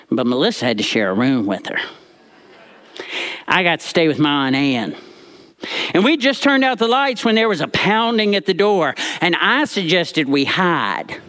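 A man telling a personal story to a live audience in an animated, expressive way. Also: high-pitched, normal speed.

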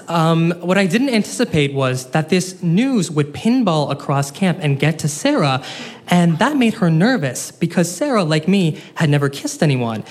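A young man telling a funny personal story on stage, animated and self-mocking with quick asides. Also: a little high. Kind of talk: live comic storytelling.

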